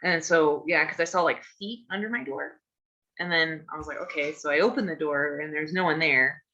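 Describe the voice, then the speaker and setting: A low-pitched woman with a bright, forceful edge, chatting her way through a tabletop game session. She rambles with plenty of ums and likes. The call audio is dull and lo-fi. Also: moderate pace. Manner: rambling, chatty with filler words. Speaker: player. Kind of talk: in-character tabletop game talk.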